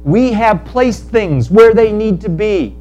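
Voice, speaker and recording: A man preaching a sermon, telling a parable in animated storytelling style and acting out the characters in quick asides. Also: high voice, soft background music. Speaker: pastor.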